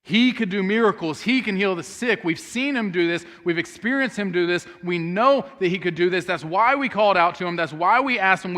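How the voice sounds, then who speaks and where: A man's voice: high voice, sharp tone. A man preaching a sermon as pastor, telling a story earnestly and speaking the sisters' words aloud. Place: church sanctuary. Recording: long hall reverb.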